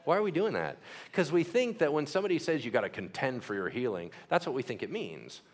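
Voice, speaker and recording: A man's voice: medium pitch, fast. A man preaching a sermon to a congregation, joking and acting out quoted voices. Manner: animated, jokey, acts out quoted voices. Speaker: pastor.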